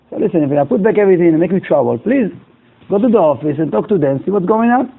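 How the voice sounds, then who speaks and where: A man's voice: a little high, lively intonation, fast talker, gravelly, slightly rough. A rabbi telling a moral story to his class in broken English, acting out each character's lines. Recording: tinny, phone-like lo-fi recording.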